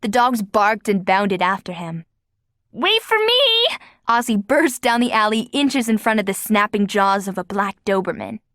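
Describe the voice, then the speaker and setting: A woman's voice: mid-range voice, normal speed, few pauses, fairly bright tone, no echo, clean studio sound. A woman narrating an audiobook with a vivid, dramatic reading. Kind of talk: scripted narration.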